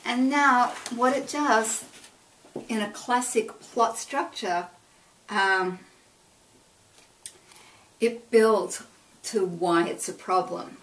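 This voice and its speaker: A woman reading a picture book aloud as a teacher. She reads expressively and pauses to comment on the pages. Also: a little high, distant mic, low-quality recording. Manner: expressive read-aloud, pausing to point out details.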